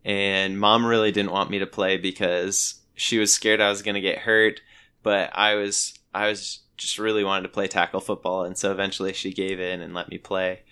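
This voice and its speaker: A young man telling stories in a casual chat, animated and laughing often. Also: sits low, normal speed, clean tone. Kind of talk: casual storytelling.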